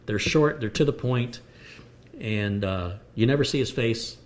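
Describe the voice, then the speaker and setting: Speaking a little slowly in a mid-range voice, this man hosts a computer repair livestream from the United States. Viewers send questions, and he explains the hardware with everyday comparisons.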